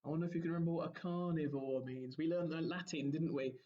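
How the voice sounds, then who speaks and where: A man, a primary school teacher giving a recorded lesson, explaining gently and asking the children questions. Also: on the high side, fairly even intonation, fast talker, muffled recording.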